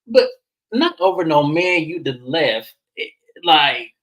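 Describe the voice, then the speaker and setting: Animated low-voiced woman recapping reality TV. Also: slow, crowd noise, poor audio. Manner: animated, swears freely, acts out quotes in high voices. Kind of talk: casual recap chat.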